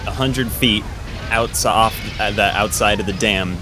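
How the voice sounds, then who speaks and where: A man narrating a tabletop role-playing game as game master, relaxed and pausing often on fillers. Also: on the low side, music in the background. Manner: relaxed, with frequent filler pauses.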